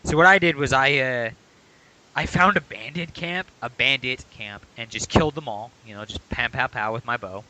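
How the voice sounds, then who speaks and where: Bright-voiced man explaining a game. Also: medium pitch, moderate pace, rough recording. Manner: explanatory, walks through game mechanics. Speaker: podcast co-host. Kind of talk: casual chat about a video game.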